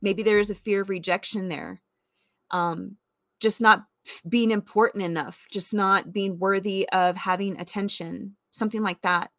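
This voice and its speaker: A woman's voice: medium pitch, fairly even intonation, moderate pace, fairly bright tone, no room sound, studio quality. A woman in her forties gives a reflective personal testimony in an earnest, conversational way, full of fillers. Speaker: vlogger sharing faith testimony.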